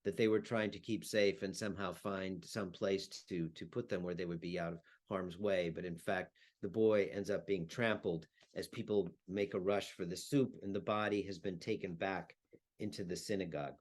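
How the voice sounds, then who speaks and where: A historian and translator, a man, giving a talk and reading aloud, measured with some hesitant fillers. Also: deep voice, steady tone. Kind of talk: talk with a read-aloud excerpt.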